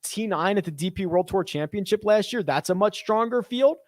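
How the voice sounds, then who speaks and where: A young man with a somewhat high voice talks through viewer questions on a live stream, musing aloud as he goes. His voice sits close and dry, with no room sound around it. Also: lively intonation, brisk, no echo. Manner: chatty, thinks aloud, reads viewer questions. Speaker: host. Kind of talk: casual live-stream chat.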